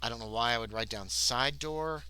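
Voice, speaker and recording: Smooth and mid-range, this man's voice runs at a normal speed as he livestreams a solo tabletop horror game. He rambles and cuts himself off, reacting to the game and chatting eagerly with viewers.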